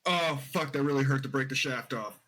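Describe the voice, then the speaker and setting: A man voicing a gruff, wounded male warrior with a Southern accent, who swears and groans through the pain. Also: mid-range voice, a little fast, fairly bright tone, lightly acted. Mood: pained, grumbling.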